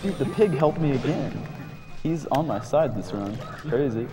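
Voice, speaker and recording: A man casually commenting on his own speedrun while playing, relaxed and chatty. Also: mid-range voice, unhurried, long reverb tail. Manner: relaxed, chatty, laughs often.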